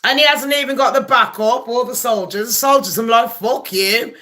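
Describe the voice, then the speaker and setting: Brisk and sharp-toned, this mid-range voice belongs to a channel host from England delivering a profane political rant to camera. The anger comes with nonstop swearing and a barrage of rhetorical questions.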